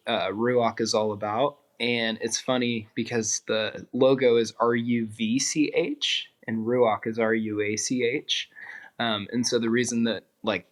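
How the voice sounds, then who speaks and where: A man talking in an earnest, reflective way as an interview guest, with the odd filler "um". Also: on the low side. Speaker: interview guest, clothing designer. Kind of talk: casual interview chat.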